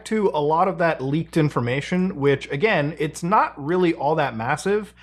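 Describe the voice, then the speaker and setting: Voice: medium pitch, moderate pace. A video narrator giving an explanation, with stammered fillers as the thoughts restart.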